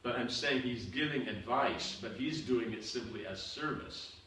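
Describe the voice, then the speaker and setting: A man's voice: mid-range voice, normal speed, bright, forceful tone. A man teaching a seminar and answering questions, explaining with repeated examples and often asking "you understand?". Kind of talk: seminar Q&A lecture. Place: seminar room. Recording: echoey room, far from the mic, faint noise.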